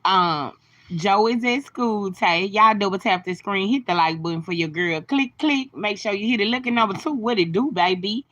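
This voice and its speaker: A woman's voice: mid-range voice, normal speed, a bit bright, highs cut off. A woman hosting a casual phone live stream, greeting viewers by name and giving encouraging, sermon-like talk. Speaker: livestream host.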